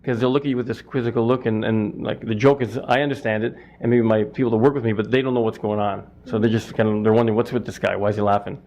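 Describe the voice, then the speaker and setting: A man's voice: medium pitch, fairly even intonation, quick pace, few pauses, darkish tone, highs cut off. A middle-aged man from Canada, a stand-up comic and butcher, answering interview questions in a rambling, self-interrupting way.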